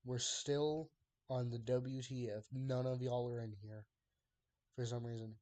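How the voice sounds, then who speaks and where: A man's voice: medium pitch, little pitch movement, unhurried, darkish tone. A young man chatting casually with his live-stream viewers, drawling and exasperated as he bounces jokes off the chat. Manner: drawling, exasperated banter with chat, laughs often.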